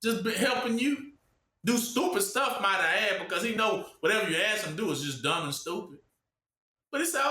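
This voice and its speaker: A man preaching in a loose, informal way, with a bright, sharp tone. He keeps stopping on "what?" so listeners can finish his sentences. The sound is roomy and echoing. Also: high voice, animated, a little fast. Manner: asks the audience to fill in the word with "what?".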